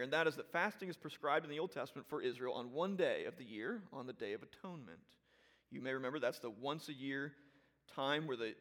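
Preaching in a conversational style, this middle-aged pastor has a medium-pitched voice with a fairly bright tone. He keeps checking in with his congregation, circling back and restarting phrases as he builds toward emphasis.

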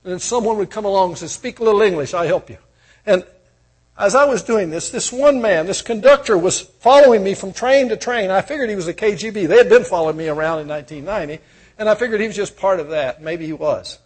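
An older man with a husky voice preaching a sermon, moving from quiet storytelling to loud, fervent proclaiming. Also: high voice, quick pace. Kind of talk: sermon with personal stories.

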